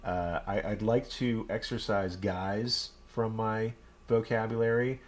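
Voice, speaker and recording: A man's voice: fairly low pitch, fairly even intonation, slow pace. A man from Texas with a Texan accent, a rabbi chatting casually and rambling on a live stream. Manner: rambling, chatty, self-deprecating.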